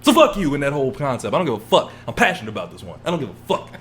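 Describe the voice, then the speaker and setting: A young man co-hosting a podcast, ranting in a heated, profane, casual way and mimicking other people in low mumbled asides. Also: very animated, racing, a bit bright. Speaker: podcast co-host.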